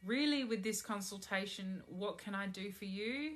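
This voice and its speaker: A pregnant woman giving a live-stream tarot reading, speaking in a slow, soothing, spiritual way. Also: mid-range voice, fairly bright tone. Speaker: tarot reader.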